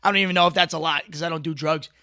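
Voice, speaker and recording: Young male commentary host, sharp bright tone, dry close sound, riffs and mocks excitably. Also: fairly high pitch, very fast, no room sound. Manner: mocking, riffing, excitable, with frequent "like" and "bro". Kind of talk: casual reaction commentary.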